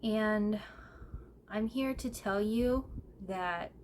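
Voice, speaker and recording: Woman tarot reader, slow and soft-spoken, gentle and tearful, faint background hum. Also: medium pitch. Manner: gentle and emotional, with fillers and pauses. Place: home room, seated in a squeaky chair.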